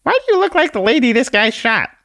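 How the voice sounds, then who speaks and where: A man voicing a tiny, anxious, nagging conscience with a squeaky manner. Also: big pitch swings, quick pace, bright, forceful tone, no echo, studio quality, full character voice.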